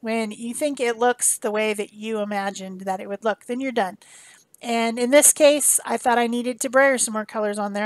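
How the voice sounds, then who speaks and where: A woman's voice: mid-range voice, dry recording. A woman giving a casual, rambling voice-over of her mixed media art, often correcting herself as she goes. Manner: chatty, rambling, self-correcting. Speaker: art instructor. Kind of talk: casual craft demonstration voice-over.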